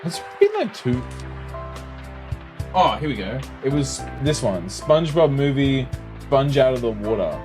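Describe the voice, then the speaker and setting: Animated, swearing young streamer guy. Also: medium pitch, a little slow, long pauses. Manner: animated, heavily profane, slangy. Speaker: livestreamer. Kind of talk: casual livestream rant to chat. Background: music.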